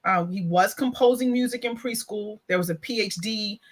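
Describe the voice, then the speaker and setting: Mom guest on a talk show, earnest and proud, medium pitch. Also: female voice, normal speed. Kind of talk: casual interview chat.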